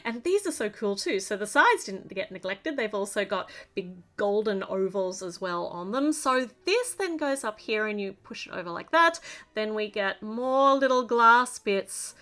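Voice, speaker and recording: A woman's voice: mid-range voice, animated, moderate pace, fairly bright tone. An Australian woman narrating a LEGO build in a chatty, gushing way, praising each step as she goes.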